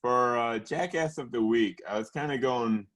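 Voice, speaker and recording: A man's voice: mid-range voice, moderate pace, a bit bright. A young man co-hosting a podcast in casual chat, rambling and profane, laughing often. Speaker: podcast co-host.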